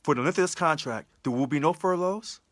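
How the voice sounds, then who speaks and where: A man's voice: a little high, a little fast, fairly bright tone, no room sound, clean studio sound. A man giving an impassioned livestream address as a union election candidate, emphatic, full of repeated rhetorical questions. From California.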